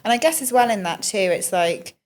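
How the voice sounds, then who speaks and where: A woman's voice: medium pitch, expressive, a little fast. A woman hosting a casual podcast interview, thinking aloud and reflecting as she asks questions. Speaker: podcast host.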